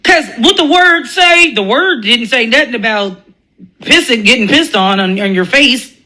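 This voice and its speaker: A woman's voice: on the high side, lively intonation, normal speed, sharp tone, rough recording. A woman ranting in a blunt, profane commentary monologue, laughing often and mocking other people's voices. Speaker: commentary vlogger.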